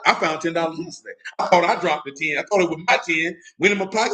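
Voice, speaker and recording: A man's voice: a little high, quick pace, few pauses, bright, forceful tone, poor audio. A young man preaching in a loose, conversational way, mixing stories and slang and often asking if listeners follow him. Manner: street-casual, asks "you know what I'm talking about?". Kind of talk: casual sermon with storytelling.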